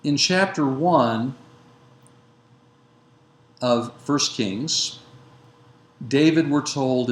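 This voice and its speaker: A man giving a lecture that retells a biblical narrative. He speaks in a measured way, with frequent fillers and self-corrections. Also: medium pitch. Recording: roomy echo with faint background noise.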